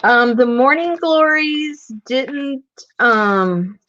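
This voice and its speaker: A woman hosting a casual craft livestream, tired and soft-spoken, laughing often as she chats. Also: high voice, expressive, very slow. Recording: dull lo-fi sound.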